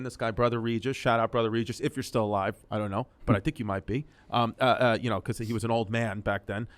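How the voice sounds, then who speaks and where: A man in his thirties tells stories as a comedian guest in a relaxed interview. His voice sits in an ordinary middle pitch. He talks animatedly, tripping over and repeating words as he goes. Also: fast, hardly any pauses. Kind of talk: casual interview storytelling.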